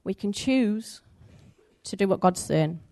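A woman's voice: medium pitch, slow, vocal fry. Woman preaching a story-filled sermon. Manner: animated, conversational, acts out the story's voices.

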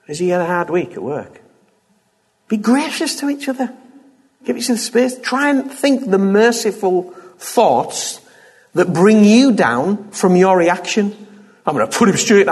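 A man's voice: high voice, slightly rough. A man preaching a sermon, exhorting his listeners with fervent repetition. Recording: long reverb of a large hall.

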